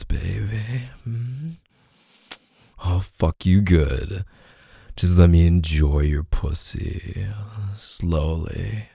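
A man with a deep, gravelly voice murmurs slowly and breathily in an intimate audio role-play. His tone is dark and husky, and the recording is dry and close. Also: dry recording. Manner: low, breathy and murmuring, with soft moans.

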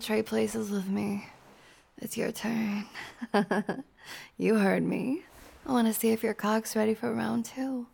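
A woman's voice: on the high side, creaky, a little mellow. A woman performing an erotic audio role-play in a dominant, teasing manner, often dropping to a whisper.

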